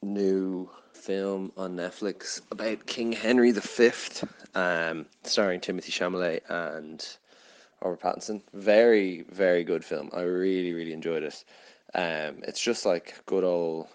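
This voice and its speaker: A man's voice: low voice, steady tone, measured pace. A young man giving a rambling, casual film review full of filler words. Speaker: film podcast host.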